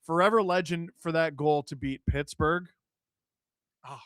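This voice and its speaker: A man hosting a live stream, reading viewer chat with jokes and shouting play-by-play when a goal goes in. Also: on the high side, a little slow, dry recording, studio quality. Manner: joking, excitable, shouts on goals. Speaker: livestream host reading chat. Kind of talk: casual live watch-along chat and play-by-play.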